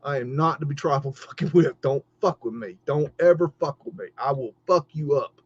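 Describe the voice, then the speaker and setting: A man's voice: a little high, moderate pace, breathy edge. Fired-up, cursing middle-aged man. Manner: heated, profane, stammering restarts. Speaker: podcast host. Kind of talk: livestream rant. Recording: dull lo-fi stream audio.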